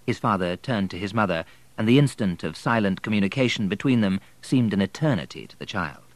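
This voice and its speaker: A man narrating an audiobook in an expressive, measured storytelling manner. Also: on the low side, no room sound, low-quality recording.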